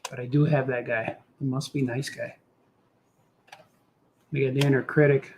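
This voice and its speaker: Here the cartoonist's voice is medium-pitched and somewhat dark, level in tone, at normal speed, with faint background noise. He's a middle-aged man hosting a live drawing show, talking goofily to himself and doing silly voices.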